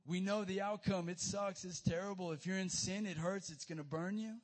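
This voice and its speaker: Young guy youth pastor preaching, pumped up and casual, kinda high voice. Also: normal speed. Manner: energetic, casual, addresses listeners as guys and dude. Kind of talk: youth sermon.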